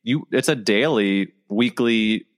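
A man's voice: fairly low pitch, slow pace. A man hosting a casual podcast chat, thoughtful and friendly, asking his guest follow-up questions.

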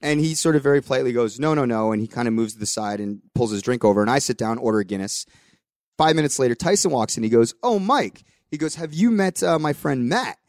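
A man's voice: medium pitch, quick pace, a little mellow, dry recording, clean studio sound. A young adult man hosting a podcast, telling a story in casual chat with voiced quotes and the odd swear. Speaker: podcast host.

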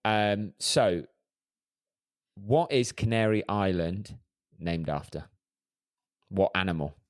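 Low-voiced playful male co-host. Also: slow, dry recording, studio quality. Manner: playful, laughs often, brings trivia facts. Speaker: podcast co-host. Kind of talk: casual chat.

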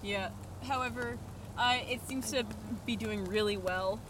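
A woman's voice: a little high, a little slow, background noise. A young woman co-hosting a podcast on a walk through woods, holding a handheld microphone, playful and stubborn. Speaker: podcast co-host. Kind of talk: casual chat while walking outdoors. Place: woods, outdoors.

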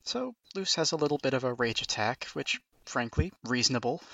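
A man recapping plot points in a podcast chat, his gravelly, creaky voice bright and tense on a very dry, close sound. He summarizes in an even, wry way, with the odd dry aside. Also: mid-range voice, a little fast, no echo, highs cut off. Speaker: podcast co-host recapping episodes.

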